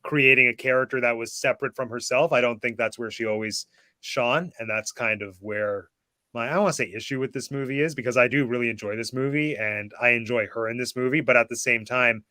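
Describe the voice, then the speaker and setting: Man, middle pitch, bright tone, articulate, reflective casual chat, dry recording. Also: a little fast, no echo. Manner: articulate, reflective film opinions. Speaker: co-host.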